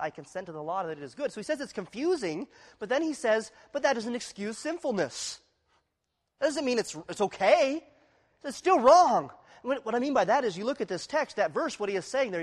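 A man preaching a sermon, shifting from quiet, confessional passages to loud, emphatic ones and acting out the voices of inner struggle. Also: high voice, long reverb tail. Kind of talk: expository sermon.

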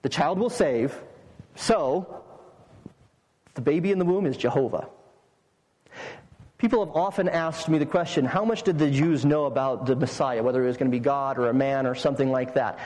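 A man's voice: mid-range voice, normal speed, long pauses, darkish tone. A pastor giving a sermon, explaining his point step by step with emphatic stresses. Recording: long reverb of a large hall.

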